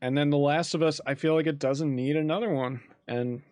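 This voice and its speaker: A man's voice: a little high, a little fast, no echo. Guy cohosting a chill podcast, laughs a lot, cusses some, dry close sound. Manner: animated, laughs often, swears casually. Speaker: podcast co-host. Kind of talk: casual chat.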